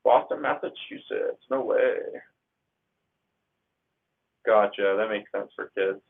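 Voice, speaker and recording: A man's voice: lowish voice, normal speed, creaky. A young man from Northern California hosting a casual livestream, reading out viewer comments in an upbeat, slangy way. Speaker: livestream host. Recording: tinny phone-like audio.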